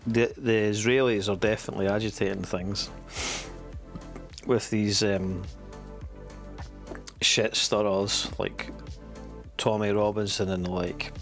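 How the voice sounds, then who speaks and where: A lower-voiced Scottish man talks loosely through a livestream, swearing often and drifting from point to point. He breaks off into the odd chuckle, and faint music sits under his voice. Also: little pitch movement, slow, pauses often. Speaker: streamer host. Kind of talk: casual livestream commentary.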